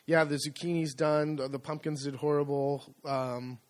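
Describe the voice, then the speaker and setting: A man's voice: fairly high pitch, little pitch movement, normal speed. A man co-hosting a casual podcast, rambling along with many fillers and restarts. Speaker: podcast co-host. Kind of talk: casual chat.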